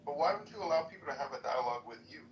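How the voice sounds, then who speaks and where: A man talking in a measured, persuasive way during a live debate on an audio chat app. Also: a little high, lively intonation, lo-fi sound, a little hiss or hum. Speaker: participant urging calmer dialogue. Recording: echoey, distant livestream audio.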